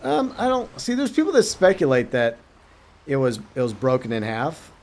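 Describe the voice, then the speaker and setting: A man hosting a game stream, chatting and speculating about the story in a thoughtful, halting way. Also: mid-range voice, wildly swooping pitch, darkish tone. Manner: thoughtful, speculating, many restarts. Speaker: streamer host. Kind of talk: casual gaming chat.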